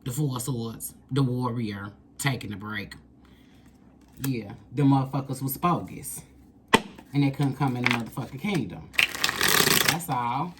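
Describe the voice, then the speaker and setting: A woman's voice: rumbling low, measured pace, pauses often, very noisy. A woman doing a casual tarot reading, blunt and profane, repeating lines for emphasis. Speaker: tarot reader.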